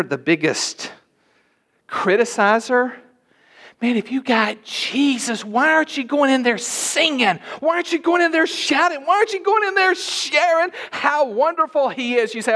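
A man preaching a sermon in a church, emphatic and at times rising to shouts. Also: very high voice. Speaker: pastor.

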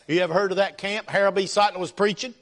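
A man's voice: high voice, steady tone, quick pace, fairly bright tone. Fervent preacher man. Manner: folksy, fervent, tells stories with y'all. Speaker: guest preacher. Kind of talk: sermon with prayer and storytelling.

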